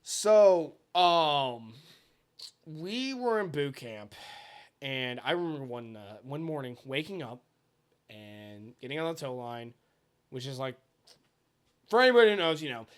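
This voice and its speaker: A young man in his twenties, co-hosting a podcast and telling a long, profane story in casual, animated chat. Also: mid-range voice, a little slow, long pauses, smooth. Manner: animated, swearing, bursts into loud impressions. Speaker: podcast co-host.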